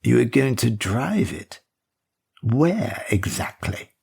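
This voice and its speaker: A man voicing a cold, ruthless male billionaire who speaks in slow, clipped questions. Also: mid-range voice, big pitch swings, gravelly, a little mellow, breathy edge, heavily acted. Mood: icy.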